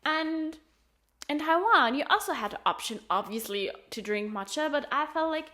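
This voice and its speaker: A woman's voice: high voice, lively intonation, normal speed, bright, forceful tone. A young woman travel vlogger chatting casually, laughing often and acting out little quotes as she tells her stories. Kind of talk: casual chat.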